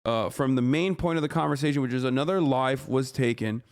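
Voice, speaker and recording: A man's voice: medium pitch, brisk, clear, resonant tone. A man livestreaming, reacting to a news story with heated, profanity-laden ranting and scolding his chat. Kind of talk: live stream reaction commentary.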